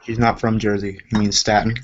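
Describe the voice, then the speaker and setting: A man's voice: fairly low pitch, level tone, a little fast. A man co-hosting a podcast, making blunt, teasing remarks in casual chat. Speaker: podcast co-host. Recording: dull lo-fi recording.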